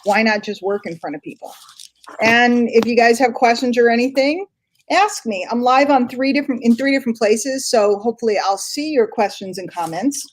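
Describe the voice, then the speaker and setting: A woman hosts a casual live stream in a chatty voice that sits a little high. She thinks out loud as she goes and fills the gaps with plenty of ums. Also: normal speed. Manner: chatty, thinks aloud with many fillers. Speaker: host.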